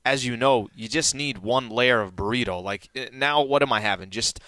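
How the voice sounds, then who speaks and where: A man co-hosts a talk radio show in a bright, crisp-edged voice at a middle pitch. He rambles casually, often stumbling and restarting his sentences. The studio sound is dry and close. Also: normal speed, dry recording. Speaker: radio co-host.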